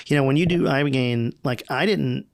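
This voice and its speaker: A man in casual podcast conversation, talking in a relaxed, halting way with many fillers and restarts. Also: medium pitch, creaky. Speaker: podcast guest.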